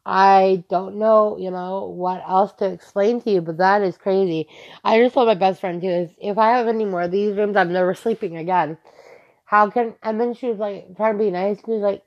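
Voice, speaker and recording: A woman's voice: medium pitch, fairly even intonation, normal speed. A young woman hosting a casual solo podcast, rambling loosely with lots of "like" and the odd swear word. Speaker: podcast host. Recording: slightly dull lo-fi recording.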